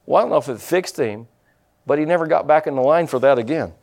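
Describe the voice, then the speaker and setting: A middle-aged man preaching a sermon as pastor, in a folksy, blunt manner, voicing people's excuses in quick asides. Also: on the high side, darkish tone.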